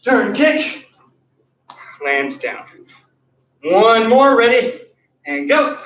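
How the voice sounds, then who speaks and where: Out of breath martial arts guy counting kicks, high voice, echoey studio, far from the mic. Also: sing-song, very slow, a bit bright. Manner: counts and cues moves while demonstrating kicks. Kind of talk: online class instruction. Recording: roomy, distant, dull sound.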